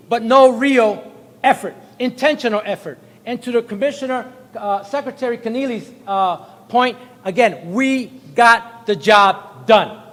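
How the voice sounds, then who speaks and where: A man, a state representative, giving a jokey, effusive speech at a press event. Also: fairly bright tone. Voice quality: high-pitched, booming, jokey and effusive. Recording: long hall reverb.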